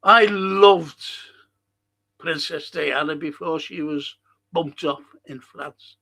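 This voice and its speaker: This livestream podcast host speaks slowly in a bright, forceful voice that runs a little high, with vocal fry. He reads chat comments and rants heatedly, swearing nonstop and throwing out rhetorical questions.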